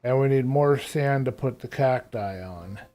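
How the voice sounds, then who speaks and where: A man's voice: mid-range voice, a little slow, mellow. A man streaming live gameplay, rambling casually as he thinks aloud about what to build next. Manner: thinks aloud while planning.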